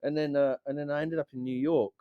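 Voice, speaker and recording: A man, a DJ and beat maker who is a guest on a podcast, telling stories in a lively, swearing, casual way and acting out what others said. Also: fairly high pitch, fast talker, clean tone, dry recording, dull audio. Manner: animated, swears freely, acts out quotes. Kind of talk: casual storytelling chat.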